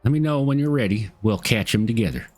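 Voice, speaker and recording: An earnest young woman with a put-on Southern US twang, as a man reads her lines aloud, setting out to track down a thief. The voice sits a little high for him, and the delivery swoops up and down with animated, old-fashioned formal phrasing. A husky edge runs under it, with faint game music in the back. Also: quick pace, no room sound. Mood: resolute. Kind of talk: reading game dialogue aloud.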